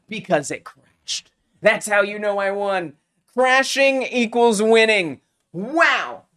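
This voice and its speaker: A live-stream host playing a game and commenting, excitable, swinging between mock rage and giggly chatter with playful made-up exclamations. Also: mid-range voice, slow pace.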